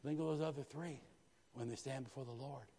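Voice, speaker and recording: A man preaching a sermon in a church, lively, with frequent asides to the congregation. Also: medium pitch, a little fast. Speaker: pastor. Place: church sanctuary. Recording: long hall reverb.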